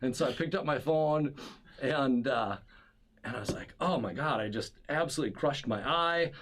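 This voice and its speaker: A man's voice: mid-range voice, moderate pace, fairly bright tone. A man from Wisconsin, a podcast guest, telling a self-mocking story in casual chat, swearing freely. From Wisconsin, USA.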